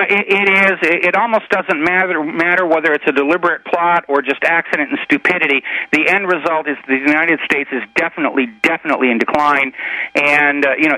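A man's voice: fairly high pitch, bright, forceful tone, no room sound, poor audio. A man speaking as a guest on a call-in radio show, giving earnest, expansive political commentary.

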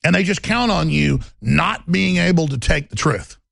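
A man's voice: on the high side, expressive, normal speed, gravelly, a bit bright, dry recording. A man hosting a talk show, delivering an intense, heated, rambling monologue.

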